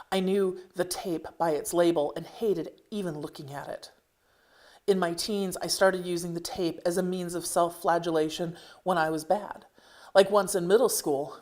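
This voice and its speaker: A woman with a slightly low voice reads her own memoir aloud. Her delivery is measured and plain, with a dry edge on the wry asides. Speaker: author reading her own story. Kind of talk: reading a personal memoir aloud.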